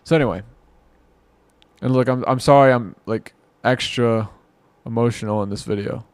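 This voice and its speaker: A man's voice: mid-range voice, steady tone, moderate pace, clean tone, dry recording. A man giving rambling, exasperated reaction commentary, muttering to himself and mocking what he watches. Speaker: commentary vlogger.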